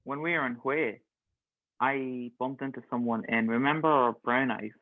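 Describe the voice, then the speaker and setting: A man's voice: mid-range voice, steady tone, normal speed, dry recording. An Irish man guesting on a podcast, agreeable and chatty, with frequent "um" and "yeah". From Ireland. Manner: agreeable, many "um" and "yeah" interjections. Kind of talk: casual interview chat. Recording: tinny phone-like call audio.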